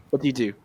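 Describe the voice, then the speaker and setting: A man running a tabletop game as dungeon master, setting scenes in a chatty way and often restarting his phrases. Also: no room sound. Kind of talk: casual tabletop game narration.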